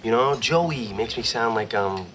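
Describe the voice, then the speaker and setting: A man's voice: medium pitch, expressive, a little slow, a bit bright, slight background noise. An actor playing a casual, joking young man in a sitcom clip. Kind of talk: sitcom dialogue.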